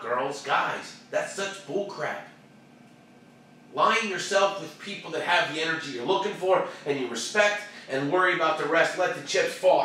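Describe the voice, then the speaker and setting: A man's voice: fairly high pitch, slight background noise. Guy host doing a hyped motivational rant, lots of slang, echoey room, kinda far from the mic. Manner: animated, preachy, streetwise slang, repeats phrases for emphasis. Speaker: show host. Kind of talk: motivational talk show rant.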